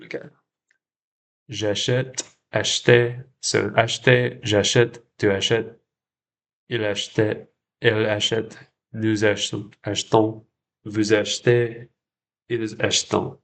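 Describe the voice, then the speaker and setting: A man's voice: on the low side, level tone, slow pace, vocal fry, long pauses. A man hosting a casual livestream study session, thinking aloud and repeating words as he checks himself. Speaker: French learner and livestream host.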